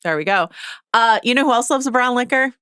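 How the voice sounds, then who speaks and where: A woman's voice: fairly high pitch, expressive, fast talker, bright, forceful tone, clear, resonant tone, no room sound. A woman co-hosting a podcast, steering the episode with dry, teasing remarks. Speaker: podcast co-host. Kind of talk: casual podcast chat.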